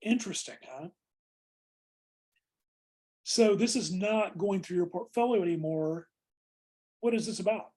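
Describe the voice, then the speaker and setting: A man's voice: high voice, a little slow, pauses often, mellow. A man teaching a class on job interviews, talking informally and calling students "guys". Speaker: instructor.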